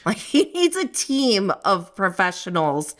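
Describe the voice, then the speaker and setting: A woman's voice: mid-range voice, sing-song, measured pace, fairly bright tone. A woman guest on a podcast in casual chat, gossipy and emphatic, often breaking into laughter.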